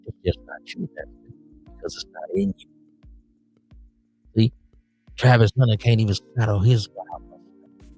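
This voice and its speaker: A man with a very low, gravelly voice runs a loose late-night podcast stream. He lectures his listeners like an uncle handing out hard-won street advice, with faint music playing behind him. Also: normal speed, long pauses, a little mellow. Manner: streetwise, preachy advice to "nephews". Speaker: podcast host. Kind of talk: casual late-night livestream monologue.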